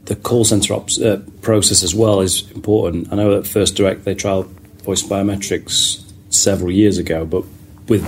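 Man, podcast co-host, low voice, halting and thoughtful, faint background noise. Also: steady tone. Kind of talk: casual panel discussion.

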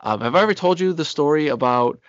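A man's voice: a little high, lively intonation, fast talker, no room sound, lo-fi sound. A man in his forties, a podcast co-host telling a long, rambling personal story in casual chat. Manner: rambling anecdotal storyteller, acts out quotes.

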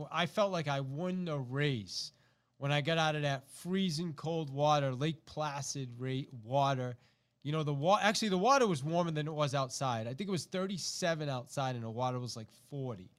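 An animated, middle-aged man hosting a podcast and telling a personal story. His voice sits fairly high for a man, and he acts out the quoted lines and often restarts his sentences. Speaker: podcast host. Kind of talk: personal story told to listeners.

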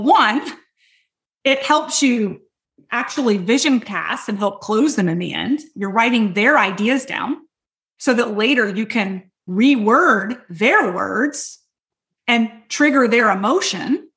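A woman with a high voice teaches sales skills with loud, hyped-up energy. She speaks emphatically and keeps turning to her listeners, asking if it makes sense, in an upbeat coaching style. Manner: loud and hypey; quick, emphatic, addresses listeners directly.

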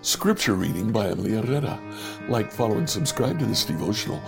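A man hosting a devotional podcast, giving a slow, relaxed sign-off. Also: on the low side, vocal fry. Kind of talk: podcast outro. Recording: voice over music.

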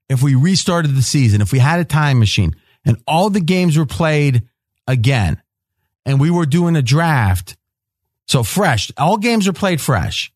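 A man's voice: a little high, a little mellow, no room sound, clean studio sound. Pushy, quizzing male sports host. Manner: pushy, rapid-fire questioning, interrupts. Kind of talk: sports betting roundtable chat.

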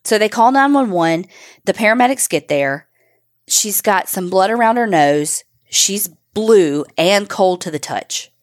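A woman's voice: mid-range voice, lively intonation, a little slow. A woman co-hosting a podcast, bluntly recounting a true crime case and swearing. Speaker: podcast co-host.

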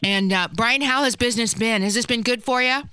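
A man's voice: extremely high pitch, brisk, pushed and bright, clear, resonant tone, no room sound. A man co-hosting a radio show in casual chat, full of eager interjections. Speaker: radio co-host.

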